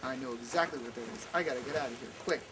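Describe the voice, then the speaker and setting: A man's voice: mid-range voice, racing, crowd noise, pitched below the performer's own voice, lightly acted. A man voicing a desperate married man craving beans, talking frantically to himself with stammered repeats. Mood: frantic. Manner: frantic, stammering self-talk. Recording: noisy outdoor recording.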